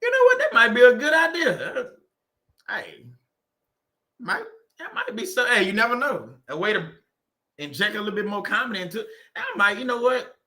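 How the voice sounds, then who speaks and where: A man's voice: extremely high pitch, sing-song, moderate pace, pauses often, sharp tone. A man hosting a faith-based livestream, chatting casually with viewers and laughing and joking often.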